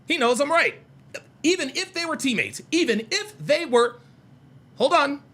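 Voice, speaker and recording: A young adult man hosts a call-in livestream, combatively mocking and arguing with his chat while repeating his points in heated commentary. His voice is very high, with lively intonation, an unhurried pace, and a somewhat bright tone.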